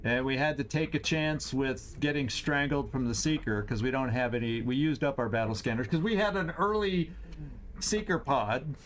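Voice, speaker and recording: A man hosting a game stream, thinking aloud through his moves, tallying enemies and cheering loudly at big shots. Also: mid-range voice, normal speed, a little hiss or hum. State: has the hiccups. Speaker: host. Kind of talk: gameplay commentary.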